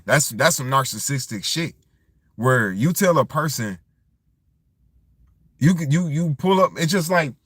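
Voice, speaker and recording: A man's voice: medium pitch, a bit bright, no room sound, clean studio sound. A man talking in a loose, rambling vlog monologue, circling back and restarting his thoughts as he goes. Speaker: vlogger. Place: tent.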